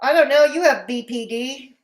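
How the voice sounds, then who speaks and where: A woman's voice: high-pitched, normal speed, soft background music. A woman hosting a live commentary stream, blunt and mocking in tone, with a Canadian accent. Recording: roomy echo.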